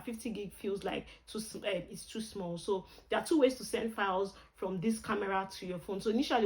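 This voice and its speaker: A woman's voice: medium pitch, poor audio. A woman with a Nigerian accent, chatting casually and expressively through a camera review vlog, with pidgin exclamations.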